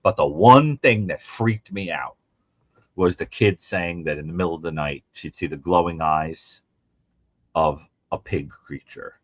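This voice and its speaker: A man's voice: a little slow, no room sound, muffled recording. A man co-hosting a call-in show, chatting casually and telling stories with lots of acted-out quotes. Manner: animated storyteller, acts out quotes in high mimicking voices. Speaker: co-host. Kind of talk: casual call-in show chat about horror films.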